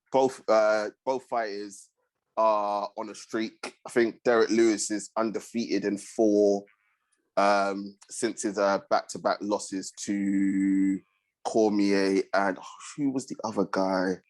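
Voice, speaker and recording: A man hosting a sports podcast, talking in a relaxed way with frequent fillers. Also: fairly low pitch, slow. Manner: relaxed, hesitant with fillers, agreeable. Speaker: podcast host. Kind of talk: casual chat.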